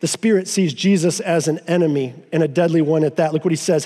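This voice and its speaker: A man preaching a sermon as pastor, emphatic and slowing down to stress key phrases. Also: a little high, mellow, in a large hall. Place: church sanctuary.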